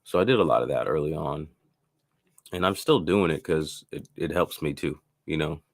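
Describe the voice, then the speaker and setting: Very deep, gravelly-voiced man. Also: moderate pace, no echo. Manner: rambling, loose, many fillers and restarts. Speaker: beat maker hosting a live stream. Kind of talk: casual live-stream tutorial.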